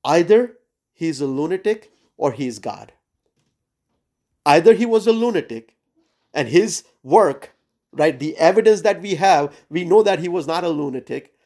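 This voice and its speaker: A man leading a Bible study over a video call, preaching urgently with many pauses and fillers. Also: a little high, a little mellow. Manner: earnest and urgent, frequent "uh" and "right?" fillers. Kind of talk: sermon-style Bible teaching. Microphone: Zoom call.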